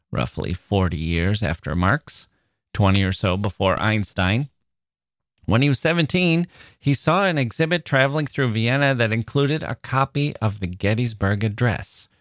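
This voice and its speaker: Low-voiced man hosting a wry podcast. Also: no echo, studio quality. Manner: wry, digressive storytelling with asides. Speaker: podcast host. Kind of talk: conversational literary podcast.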